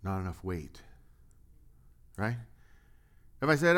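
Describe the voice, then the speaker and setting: Lively preaching man. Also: mid-range voice, normal speed, clean tone. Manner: lively, full of rhetorical questions and humor. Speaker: pastor. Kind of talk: sermon.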